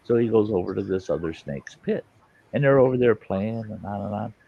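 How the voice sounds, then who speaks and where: Gravelly low-voiced man telling crude jokes. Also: a little fast. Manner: profane, storytelling with put-on voices. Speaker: livestream host. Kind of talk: casual chat and joke telling. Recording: lo-fi muffled stream audio.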